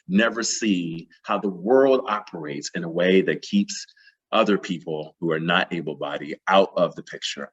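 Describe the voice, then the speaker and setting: A plenary speaker at a math conference delivers his talk with passion and emphasis, repeating phrases to drive points home. His voice is on the low side with a fairly bright tone.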